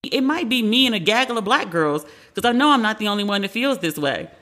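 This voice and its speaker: A woman in her forties hosts a pop culture podcast in a loose, candid way. She swears freely and acts out what other people said. Her voice is bright and forceful, at an average pitch. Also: very animated, quick pace. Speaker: podcast host. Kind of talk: casual pop culture commentary.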